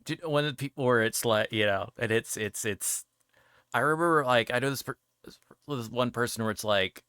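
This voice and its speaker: A man's voice: mid-range voice, moderate pace, pushed and bright, clear, resonant tone, no room sound, clean studio sound. A male guest in a casual chat, rambling with frequent restarts and fillers.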